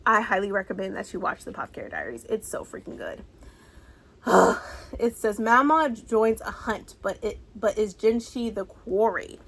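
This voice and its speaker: A woman in her thirties chatting excitedly through a book haul, gushing and sometimes dropping to a whisper. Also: medium pitch, moderate pace, gravelly, slight background noise. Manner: bubbly, excitable, gushing, slips into soft whispers. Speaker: book vlogger. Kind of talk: casual book haul chat.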